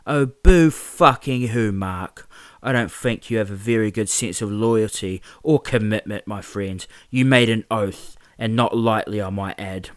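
A man's voice: on the low side, fairly even intonation, unhurried, smooth, no echo, lightly acted. A man voicing a menacing teenage male bully with a British accent, speaking in a mocking, sneering way.

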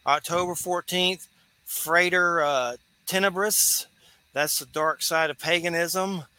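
A man, a bright, forceful voice pitched a little high for a man. He hosts radio in a loose, rambling way, laughing easily between asides. The sound is close and dry, with no room around it. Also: steady tone, takes it slowly, clean tone, dry recording. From Georgia, US. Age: 40s. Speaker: radio show host. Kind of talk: casual radio talk.

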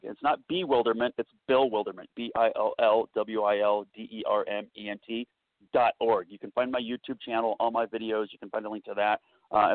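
A man appearing as a guest on a live show, talking quickly with many fillers. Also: fairly low pitch, no room sound. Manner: fast, many fillers and restarts. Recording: dry tinny phone-like line.

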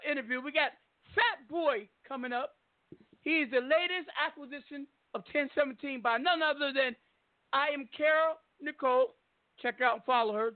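A man hosting a talk radio show, telling a story in a blunt, animated way with plenty of swearing. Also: extremely high pitch, dry recording. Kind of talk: casual talk radio monologue. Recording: phone-like call-in line.

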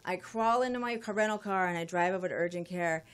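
A middle-aged woman guest telling a story casually, profane and animated, often laughing. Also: lowish voice, quick pace, clean tone.

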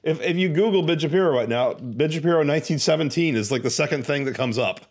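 A man's voice: fairly high pitch, fast. A man co-hosting a casual podcast, talking loosely with fillers and casual swearing. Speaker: podcast co-host. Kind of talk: casual chat.

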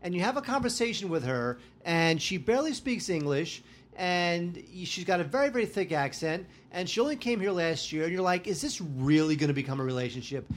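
A man's voice: high voice, sing-song, fairly quick, fairly bright tone, a little hiss or hum. A man co-hosting a movie talk show, bantering dryly in casual chat. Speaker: podcast co-host.

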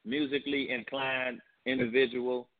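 A rapper from St. Louis with a St. Louis accent, talking in a laid-back, rambling way as an interview guest. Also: male voice, mid-range voice, level tone, moderate pace. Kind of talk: casual interview. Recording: tinny phone line.

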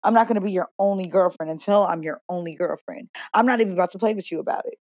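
A woman's voice: fairly low pitch, fast talker, a little mellow, no room sound, studio quality. A young woman co-hosting a casual chat, blunt, profane and playful, laughing often. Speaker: podcast co-host.

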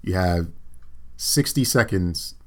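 A man's voice: sits low, expressive, slow, a little hiss or hum. A man hosting a casual interview, asking playful, prompting questions. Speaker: host.

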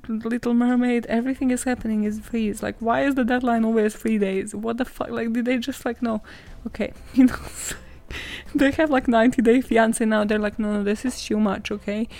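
Woman podcast host, somewhat high voice, sarcastic, swears a lot, frequent laughs, casual filler-heavy chat. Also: vocal fry, darkish tone. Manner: sarcastic, profane, laughs often, lots of filler "like". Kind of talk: casual comedic storytelling.

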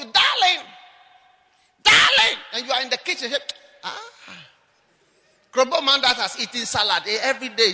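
A man preaching a lively, mocking, humorous sermon, often mimicking people. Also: high-pitched, big-room sound, a little hiss or hum.

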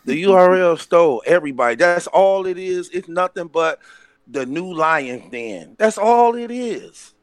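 High voiced guy hosting a chill podcast, super animated, acts stuff out. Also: a little slow, smooth, no echo. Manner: animated, acts out quotes with laughter. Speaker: podcast co-host. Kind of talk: casual chat.

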